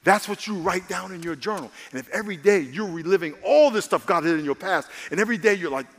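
A man preaching a sermon as a pastor, animated and calling for amens, his voice rising to excited shouts. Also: high-pitched, fast talker, hardly any pauses. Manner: calls for amens from the congregation. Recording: long hall reverb.

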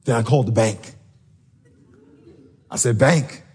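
A man preaching a sermon, telling stories with animated energy and acting out the quoted voices. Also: medium pitch, a little slow, husky. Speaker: pastor.

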